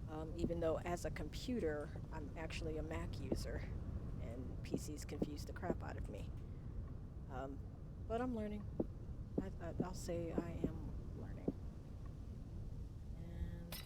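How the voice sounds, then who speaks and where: A woman's voice: deep voice, normal speed, heavy background noise. A young American woman chatting casually with her viewers while streaming a game, rambling and often laughing between remarks. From United States.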